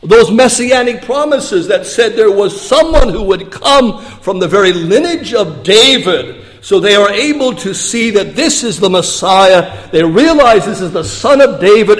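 A fairly high-voiced man preaching a sermon, his words trailing into a long, echoing reverb. He drops to hushed, low passages and then lifts into emphatic, raised lines. It sounds like a pastor in a church hall.

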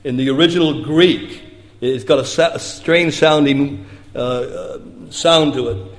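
A man preaching a sermon as pastor. He moves between hushed, low passages and raised, emphatic lines. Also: unhurried, in a large hall.

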